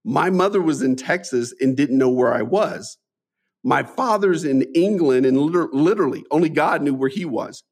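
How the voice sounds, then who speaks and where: As an interview guest, a man in his 40s from the Midwestern US recounts his life story at a normal speed in a voice on the high side. His energy is earnest and animated; he restarts phrases frequently and tosses in a friendly "man."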